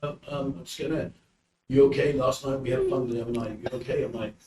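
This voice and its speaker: A man with a British accent, from the UK, tells lively podcast anecdotes at a quick pace, acting out quotes in his mid-range voice. The sound is roomy and off-mic, with faint noise, since he's far from the microphone.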